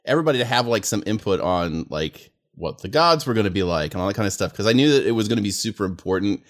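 A man with a somewhat low voice chats casually as a podcast's game master. He rambles with plenty of "um" and "like". His tone stays easygoing throughout. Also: fast. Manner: relaxed, rambling, with frequent "like" and "um".

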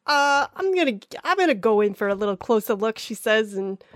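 Woman as tabletop player, loose and joking, higher voice, dry sound. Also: big pitch swings, a little fast, dry recording. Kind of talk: casual role-play as player.

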